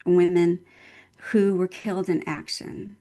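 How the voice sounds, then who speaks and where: A woman's voice: on the low side, steady tone, unhurried, dark tone. An older woman, a nurse and guest speaker, telling a personal story in an interview in an earnest, heartfelt way, leaning on repeated phrases for emphasis. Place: at home in Texas.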